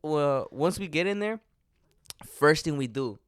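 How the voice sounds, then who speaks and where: A man's voice: a little high, lively intonation, measured pace, clean tone, no room sound, clean studio sound. A young man co-hosting a podcast, telling stories in a casual, joking way and laughing often. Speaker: podcast co-host. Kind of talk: casual chat.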